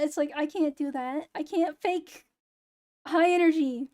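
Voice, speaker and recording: A young woman with a fairly high voice chats casually to her stream in a hoarse, flat, near-monotone way. Her delivery stays low in energy and sounds close to tears. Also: measured pace. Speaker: VTuber streamer. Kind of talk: casual late-night stream chat.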